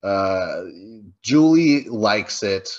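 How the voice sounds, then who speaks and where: A man's voice: fairly low pitch, animated, drawn-out words, lo-fi sound. A man co-hosting a movie review podcast, chatting casually and swearing freely while acting out scenes in quoted voices. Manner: loose, profane, acts out scenes in quoted voices. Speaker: podcast co-host.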